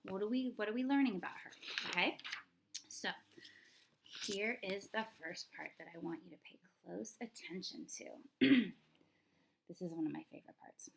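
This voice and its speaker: A woman's voice: mid-range voice, normal speed, creaky, long pauses, noisy background. A woman teaching a third-grade reading lesson, talking chattily and thinking aloud, asking her young students questions as she goes. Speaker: elementary school teacher. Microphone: recorded lesson video.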